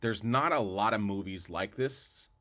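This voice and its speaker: A man's voice: fairly low pitch, unhurried, a bit bright. A man co-hosting a podcast, chatting casually about movies in a rambling, opinionated way with lots of restarts. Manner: rambling, repeats words, opinionated. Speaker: podcast co-host. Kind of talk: casual movie review chat.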